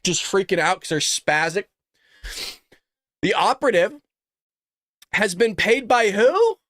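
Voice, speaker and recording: Sarcastic, profane podcast host. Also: male voice, sits high, big pitch swings, takes it slowly, a bit bright, dry recording, clean studio sound. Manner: sarcastic, profane, reads news aloud with mocking asides. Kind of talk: political commentary podcast.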